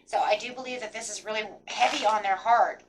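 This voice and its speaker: A woman's voice: medium pitch, brisk, recorded from a distance, very noisy. Rambling woman giving a tarot reading. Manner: rambling, many fillers like "kind of". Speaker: tarot reader.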